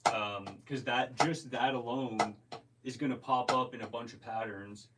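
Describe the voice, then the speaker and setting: Male drum teacher, casual explainer, mid-pitched, recorded at a distance over heavy clicking. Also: measured pace. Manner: relaxed, explains step by step, counts beats aloud. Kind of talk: casual instructional talk. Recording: distant mic with loud clicking noise.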